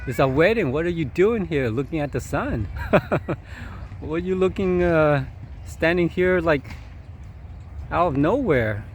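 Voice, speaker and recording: A man's voice: on the high side, expressive, measured pace, pauses often, a little hiss or hum. A man voicing a nagging, angry young bride in his own near-normal voice, with a scolding, impatient tone.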